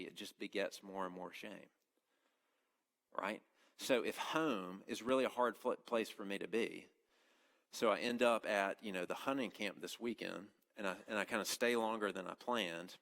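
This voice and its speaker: A man's voice: deep voice, fairly bright tone. A man preaching an earnest, conversational sermon, often restarting his phrases as he speaks. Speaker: campus minister preaching.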